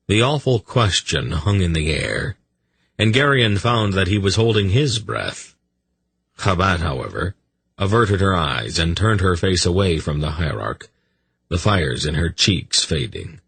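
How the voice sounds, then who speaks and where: Deep raspy guy reading a fantasy audiobook, super dry close sound. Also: animated, fairly bright tone, no room sound. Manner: slow, measured storytelling. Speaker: audiobook narrator. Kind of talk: scripted fantasy narration.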